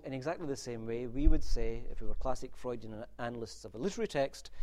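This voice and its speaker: A man's voice: medium pitch, darkish tone. A man giving a university literature lecture in a wry, discursive manner, with asides and restarts. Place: lecture room.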